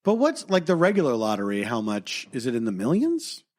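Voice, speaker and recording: A woman's voice: extremely low pitch, huge pitch swings, fairly quick, a little mellow, dry recording, studio quality. A woman co-hosting a podcast, chatting playfully and teasing her co-host, sometimes bursting into mock outrage. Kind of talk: casual comedic chat.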